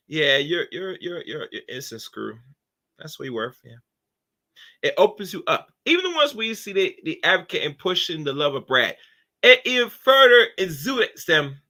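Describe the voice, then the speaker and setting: A man talks through his opinions in a loose, preachy ramble, leaning on fillers as he goes. His voice is sharply bright with a slightly raised pitch, and he comes across as pointed and talky. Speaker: commentary channel host. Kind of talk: casual opinion commentary.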